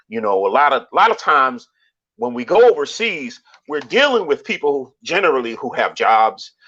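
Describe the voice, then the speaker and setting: A man with a bright, forceful tone talks in a relaxed conversation. He is emphatic and often stumbles over repeated words before he gets going. The audio is slightly dull and lo-fi. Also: mid-range voice. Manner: emphatic, repeats words when starting sentences. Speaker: podcast host. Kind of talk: casual conversation.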